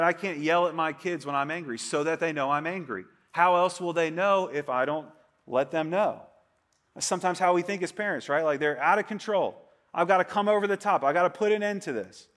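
A middle-aged man preaches in a conversational sermon, his voice sitting a little high. He keeps checking in with the congregation with "right?" and gets higher and louder when he acts out someone's protest. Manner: acts out quoted voices with a rising, louder pitch. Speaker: pastor. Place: church service with congregation.

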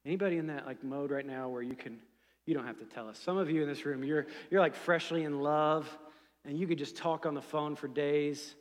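A man with a high, light voice preaches a sermon in a church, chatty and animated, with plenty of fillers and asides. His voice rings out with a long reverb trailing behind it in the big sanctuary. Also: a little fast. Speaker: pastor.

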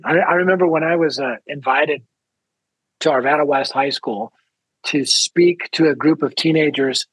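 A man telling a lively story as a guest speaker in an interview. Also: fairly high pitch, breathy edge, dry recording, low-quality recording. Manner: energetic storyteller, quick and lively. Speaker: ministry founder and guest speaker.

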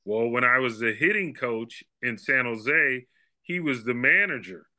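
Bright-voiced man telling a story. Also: medium pitch, unhurried. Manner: animated storyteller, acts out quoted dialogue. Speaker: guest, baseball scout and former player. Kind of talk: casual storytelling interview.

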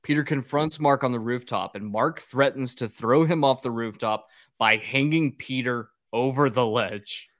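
Give me a mid-pitched man animatedly walking through a film plot on a podcast. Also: normal speed, few pauses. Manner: laughing, animated storyteller. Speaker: podcast host recapping a film. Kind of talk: casual chat.

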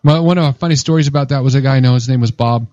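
A man co-hosting a casual podcast, telling stories in a lively, joking way and acting out what people said. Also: medium pitch, rapid-fire, no room sound, dull audio. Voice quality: lively, joking storyteller who acts out quotes. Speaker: podcast co-host. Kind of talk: casual chat.

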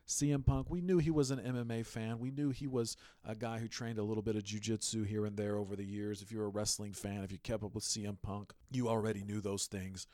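A man's voice: on the low side, brisk, few pauses, no room sound, clean studio sound. A man hosting a sports podcast, giving casual, emphatic commentary and telling stories with energy. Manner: animated, emphatic storytelling. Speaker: podcast host.

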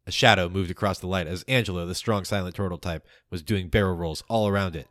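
A man hosting a tabletop game podcast as game master, narrating the story in a measured, playful way and doing the show announcements. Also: low-pitched, steady tone, fairly bright tone.

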